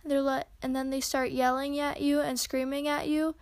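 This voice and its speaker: High-voiced exasperated young woman host. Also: flat delivery, moderate pace, dry recording, studio quality. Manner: exasperated storytelling with acted-out quotes. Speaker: podcast host. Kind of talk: solo casual podcast monologue.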